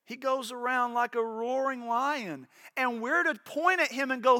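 A man's voice: very high voice, unhurried, sharp tone, dry recording, clean studio sound. A man preaching a sermon as pastor, impassioned, repeating words and acting out little voices.

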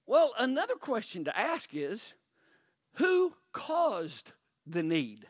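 A man preaching a sermon as pastor, asking the congregation pointed questions and pausing for emphasis. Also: very high voice, huge pitch swings, dry recording, clean studio sound. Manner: pauses for emphasis.

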